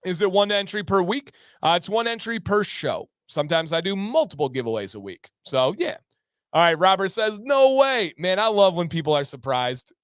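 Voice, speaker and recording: An upbeat man hosting a casual livestream, chatting with his viewers in a playful way. His voice sits high and comes across smooth and resonant. The sound is close and dry, with no room echo. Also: sing-song, normal speed, fairly bright tone. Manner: upbeat, reads chat aloud and breaks into playful raps. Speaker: livestream host.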